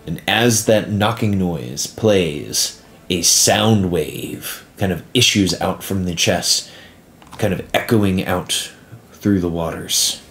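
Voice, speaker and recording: A man narrating as game master of a tabletop game, relaxed and dotted with "uh" pauses. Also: low voice, vocal fry.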